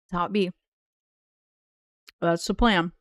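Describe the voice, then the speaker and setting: A woman's voice: lowish voice, steady tone, takes it slowly, no room sound, studio quality. A woman game streamer chatting casually with her viewers in a playful, teasing way and laughing often. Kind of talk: casual live-stream chat.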